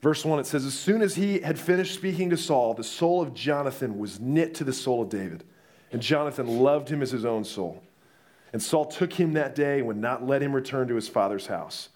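A young man preaching a sermon, telling the story in a lively way and acting out the voices. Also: medium pitch, moderate pace.

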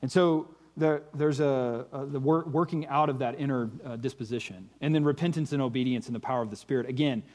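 A man's voice: medium pitch, fairly quick, hardly any pauses, a little mellow. A man teaching an informal sermon, earnest and searching for words, often asking whether listeners follow. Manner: earnest, searching for words, often checks "do you see what I'm saying". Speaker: Christian teacher.

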